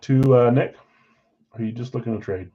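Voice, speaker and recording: A man hosting a live card-break stream in casual chat, rattling off names and teams, swinging between loud calls and quiet asides. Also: medium pitch, brisk, lo-fi sound.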